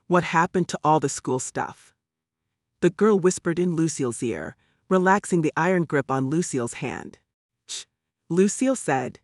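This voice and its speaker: A man narrating a story in a measured, storytelling manner, lightly voicing the characters. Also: on the high side, dry recording, studio quality. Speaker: audiobook narrator. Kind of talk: scripted narration.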